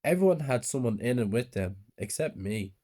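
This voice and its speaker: Mellow-voiced man reading a horror story. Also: medium pitch, expressive, moderate pace. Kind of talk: scripted horror story narration.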